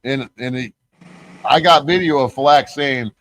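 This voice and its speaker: A man's voice: medium pitch, moderate pace, fairly bright tone. A man hosting a podcast, telling long, heated stories full of swearing and restarts. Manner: profane, heated, rambling storytelling. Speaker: podcast host. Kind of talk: casual conversation.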